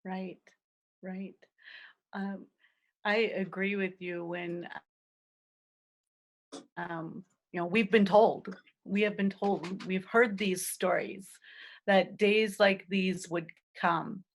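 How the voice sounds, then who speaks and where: A woman hosting a casual conversation, speaking hesitantly with frequent pauses and fillers. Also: medium pitch, fairly even intonation.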